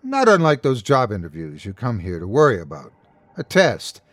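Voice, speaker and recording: A man voicing an ancient, horned, inhuman being that speaks calmly and with curiosity, slow and quietly menacing. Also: mid-range voice, no echo, studio quality.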